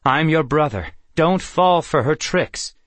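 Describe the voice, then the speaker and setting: A man reading an audiobook, voicing a dark unicorn in human form who speaks in a firm, clipped, commanding way. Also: a little high, expressive, takes it slowly, no room sound, pitched above the performer's own voice. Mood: insistent. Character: dark unicorn in man's form, cold and controlling. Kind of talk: audiobook character voice.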